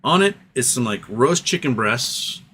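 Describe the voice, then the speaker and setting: Rambling, animated male live-stream host. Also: mid-range voice, unhurried, slight background noise. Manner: rambling, animated storyteller with frequent fillers and asides. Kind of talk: casual live-stream storytelling.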